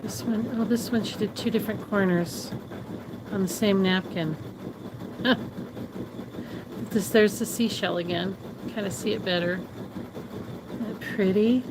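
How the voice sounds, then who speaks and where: A woman's voice: mid-range voice, steady tone, a little slow, pauses often, background noise. A woman hosting a casual live sewing demo from a sewing shop, chatting admiringly and answering viewers by name. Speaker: sewing shop livestream host.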